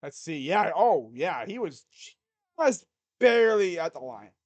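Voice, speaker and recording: A sports YouTuber gives casual live play-by-play of a basketball game, a little slowly. Like a rambling fan, he swings between loud excited calls and low, muttered grumbling.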